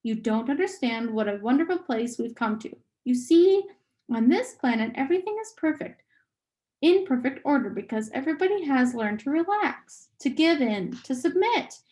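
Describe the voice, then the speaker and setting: Lady reading as a creepy calm little boy, slow and coaxing, kinda high. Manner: bland, reasonable, coaxing. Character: small boy, eerily calm and possessed.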